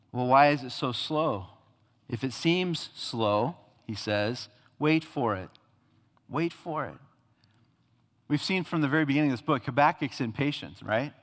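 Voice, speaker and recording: A man's voice: mid-range voice, expressive, a little slow, a bit bright, in a large hall. A man preaching a sermon, earnestly acting out God and the prophet in dialogue. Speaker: pastor.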